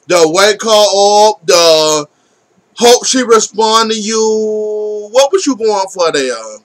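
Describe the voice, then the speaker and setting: A man's voice: fairly high pitch, bright, forceful tone. A man giving a casual, opinionated soap opera recap, sassy and blunt, swearing and talking back to the characters.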